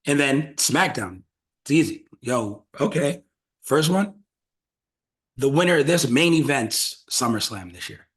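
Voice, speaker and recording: A man hosts a casual podcast chat with a middling, everyday pitch. He talks loosely and swears freely. He builds his ideas out loud as he goes. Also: lively intonation, a little slow. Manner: loose, profane, brainstorming out loud. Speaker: podcast host.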